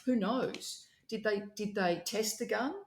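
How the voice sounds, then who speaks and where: Woman legal guest asking sharp questions, mid voice, echoey room. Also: mid-range voice, measured pace. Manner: pointed, questioning. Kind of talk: casual chat.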